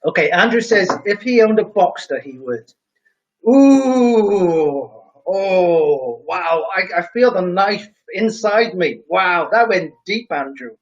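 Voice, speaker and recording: A man's voice: high voice, animated, normal speed, hardly any pauses, fairly bright tone, lo-fi sound. A man hosting a casual live stream, reading viewer comments aloud and joking about them with a chuckle.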